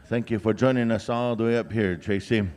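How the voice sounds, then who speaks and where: A man's voice: fairly low pitch, fairly even intonation, brisk, a little mellow. A man emceeing a powwow outdoors, drawing out names as he announces them, with frequent "uh" fillers and joking asides. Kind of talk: live announcing with jokes.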